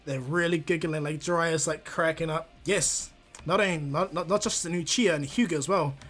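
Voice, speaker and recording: A man's voice: fairly high pitch, brisk, a bit bright, soft background music. A man casually narrating a fan-made anime story, rambling with restarts and fillers.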